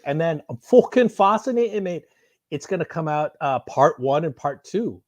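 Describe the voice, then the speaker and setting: Profane, excitable man chatting on stream. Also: a little high, moderate pace, no echo. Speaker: streamer unboxing and answering chat. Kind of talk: casual live-stream chat.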